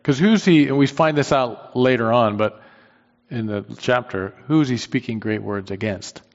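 A man's voice: mid-range voice, normal speed. A man teaching a Bible study class in a conversational way, thinking aloud with frequent restarts and putting questions to the class. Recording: dull lo-fi recording in a reverberant hall.

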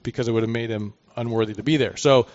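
A man's voice: medium pitch, steady tone, quick pace, a little mellow. A man teaching through a Bible passage, reading verses aloud and commenting in a conversational way with asides. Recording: dull lo-fi recording.

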